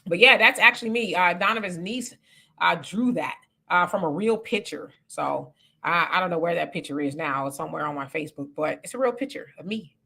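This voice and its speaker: A woman hosting a casual livestream, reading viewer comments and chatting with animated, laughing asides. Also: lowish voice, a little fast, creaky. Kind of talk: casual live chat.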